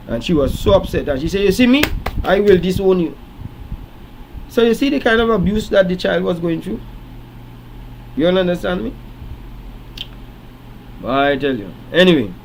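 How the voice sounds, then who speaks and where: A man hosts a late-night call-in show, his fairly high voice moving from storytelling into firm, preachy lecturing. A faint hiss sits under the recording. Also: a little mellow, rough recording. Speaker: radio show host.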